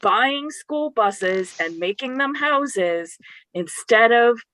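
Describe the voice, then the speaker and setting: A woman's voice: fairly high pitch, animated, takes it slowly, a bit bright, no echo, low-quality recording. A woman contestant in casual banter, opinionated and swearing now and then. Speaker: game contestant.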